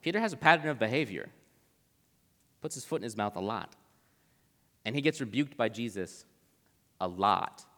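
A man's voice: on the low side, animated, moderate pace, long pauses, fairly bright tone. A young man giving a casual Bible talk as a preacher, chatty and conversational, with lots of "like" in his speech. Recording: long reverb of a large hall.

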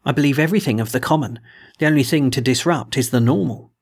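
An eager young innkeeper who longs to write books, read by a man. He talks in an earnest rush, with a gravelly, husky grain to the voice. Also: mid-range voice, quick pace.

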